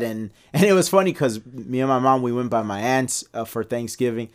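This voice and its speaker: A man co-hosting a casual podcast discussion, talking in animated bursts with many restarts and pitch jumps when he makes a point. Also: a little fast. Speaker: podcast co-host.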